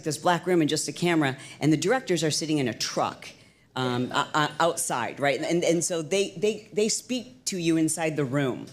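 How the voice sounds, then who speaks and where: A middle-aged woman entrepreneur telling stories as an interview guest, lively and chatty with lots of "like" and restarts. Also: deep voice. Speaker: guest, entrepreneur and fitness instructor. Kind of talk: casual storytelling interview.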